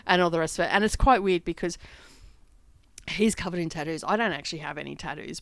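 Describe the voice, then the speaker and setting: A woman's voice: lowish voice, clear, resonant tone, no echo. A middle-aged woman, casually telling a family story while she stitches, rambling and laughing often. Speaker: craft vlog host. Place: home craft studio.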